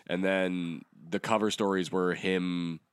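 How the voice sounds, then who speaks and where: A man's voice: low voice, little pitch movement, slow pace, clear, resonant tone, dry recording, studio quality. A young man co-hosting a podcast, chatting casually and rambling, laughing often and swearing. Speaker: podcast co-host. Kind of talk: casual chat about manga.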